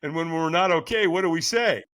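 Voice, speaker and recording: A man guest on a podcast, telling a personal story in an animated way, often checking in with a quick "right?". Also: fairly high pitch. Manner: lively, keeps asking "right?".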